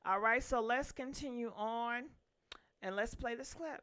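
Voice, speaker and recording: A woman hosting a gossip channel, chatting casually with sassy, teasing asides and loud outbursts. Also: on the high side, unhurried, clean tone.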